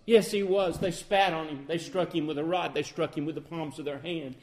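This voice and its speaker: A man delivers a sermon, posing questions and answering them himself, veering from loud, emphatic bursts to soft, low lines. His intonation stays fairly even and his pace is fairly quick.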